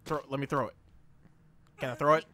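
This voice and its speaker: A young man doing excitable let's play commentary, yelping and laughing as he plays. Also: mid-range voice, fairly quick. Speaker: gaming channel host.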